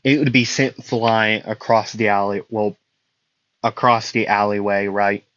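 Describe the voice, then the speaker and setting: A man's voice: lowish voice, flat delivery, measured pace, a bit bright, no room sound, lo-fi sound. A man improvising a fan story, rambling and correcting himself with lots of fillers.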